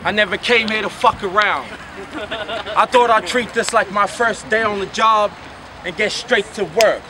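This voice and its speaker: A man's voice: high voice, a little slow, a crowd in the background. A man rapping a boastful, confrontational battle verse outdoors. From New Zealand. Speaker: battle rapper. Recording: outdoor recording with clear background noise.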